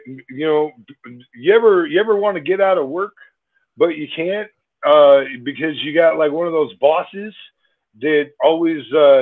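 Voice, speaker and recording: A podcast guest with a high voice tells jokey stories in a laid-back way, laughing easily. He comes through a tinny, phone-like call line with thin, narrow sound. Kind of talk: casual chat.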